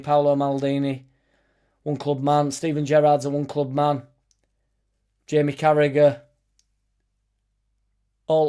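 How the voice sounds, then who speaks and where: A man's voice: mid-range voice, mellow, clean tone. A young man hosting a football fan live stream, chatting loosely and reading out viewers' comments with sweary, joking banter.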